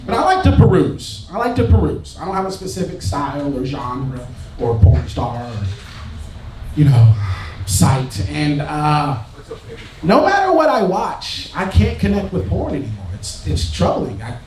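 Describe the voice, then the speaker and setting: Animated man doing stand-up in a roomy bar. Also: a little hiss or hum. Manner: animated storytelling, swings to loud high bursts for punchlines. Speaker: stand-up comedian, contestant. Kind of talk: stand-up set at a live comedy show. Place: bar stage with live audience. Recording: roomy live venue, audience crowd, off-mic distance.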